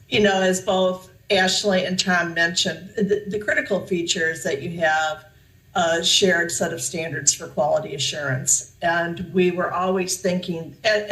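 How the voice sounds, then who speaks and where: A woman's voice: lowish voice, a bit bright, roomy sound, rough recording. A woman presenting at a formal public meeting, explaining her views thoughtfully with frequent fillers.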